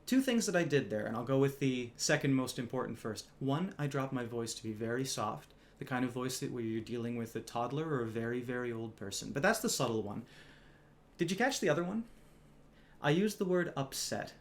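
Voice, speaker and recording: A man's voice: medium pitch, lively intonation, a little fast. A man casually telling a story from his retail job, wry and conversational, a little smug, swearing now and then.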